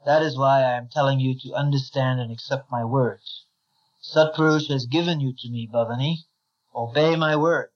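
A man voicing a proud, ruthless male god of law in a plain, measured reading on a slightly dull recording. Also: mid-range voice, fairly even intonation, lightly acted. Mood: commanding.

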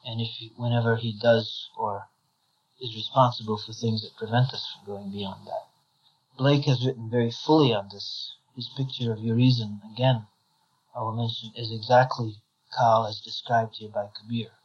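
A man reading scripture aloud and commenting on it as a spiritual teacher, measured and thoughtful with small restarts. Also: mid-range voice, fairly even intonation, a little hiss or hum. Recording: slightly dull lo-fi recording.

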